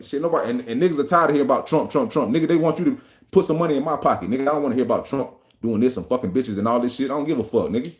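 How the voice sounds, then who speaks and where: Man, podcast host, rapid-fire, profane, combative, mocking rant. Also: mid-range voice.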